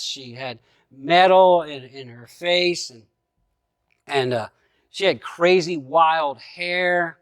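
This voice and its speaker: A middle-aged man preaching a sermon, telling a personal story with lively storytelling and acting out his own thoughts. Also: on the high side, no echo, studio quality. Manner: animated storyteller who acts out his own thoughts, chuckling at times. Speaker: pastor.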